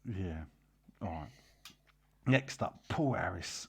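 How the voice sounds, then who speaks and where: Gravelly guy hosting a footy podcast, reading fan messages, dry jokey chat. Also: mid-range voice, animated, moderate pace, a bit bright. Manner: reads messages aloud, dry banter. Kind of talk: casual football podcast chat.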